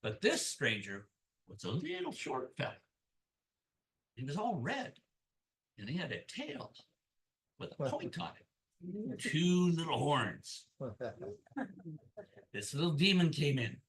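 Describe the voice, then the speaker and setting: A man telling a folk tale at a live story swap, folksy and full of chuckles. He speaks slowly with a bright tone and a very lively, swooping pitch.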